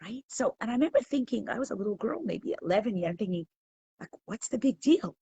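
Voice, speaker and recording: A middle-aged woman teaching a live online Torah class, telling stories with animated laughter. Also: medium pitch, quick pace, slightly rough, muffled recording.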